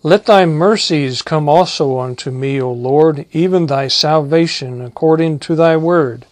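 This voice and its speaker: Slow, measured man reading scripture. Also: a little high, darkish tone, no room sound. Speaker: preacher. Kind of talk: Bible reading and sermon.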